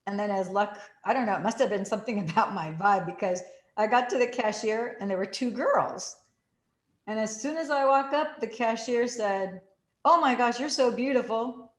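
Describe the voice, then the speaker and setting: A woman telling a story in a casual way, acting out the quotes with big jumps in pitch. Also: normal speed. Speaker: group participant sharing a story. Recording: roomy echo.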